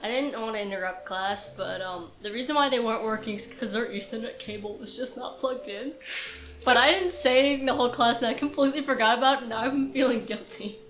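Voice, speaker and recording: A woman's voice: on the high side, fast talker, a bit bright, roomy sound, slight background noise. A young woman, a student guest on a podcast, telling wry anecdotes in casual chat. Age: young adult.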